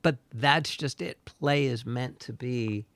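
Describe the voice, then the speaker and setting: A man co-hosting a friendship podcast chats casually, rambling with lots of fillers and restarts. His voice is medium-pitched, slow and fairly bright, with no room sound.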